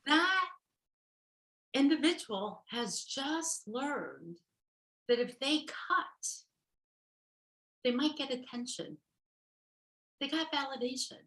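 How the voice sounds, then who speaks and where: A woman's voice: sits high, bright, forceful tone. An American woman therapist giving a workshop lecture over a video call. She checks in with her listeners constantly, asking "okay?" and "right?". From United States. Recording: roomy echo.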